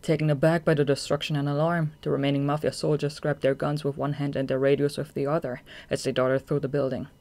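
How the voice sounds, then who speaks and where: Brief: steady fan-audiobook narrator, plain mid-pitched reading. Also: fast talker, hardly any pauses.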